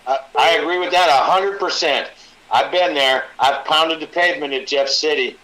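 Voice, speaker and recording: A man's voice: on the high side, normal speed, sharp tone, rough recording. An older man talking as a guest in a casual live-stream chat, earnest, emphatic and folksy. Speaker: podcast guest.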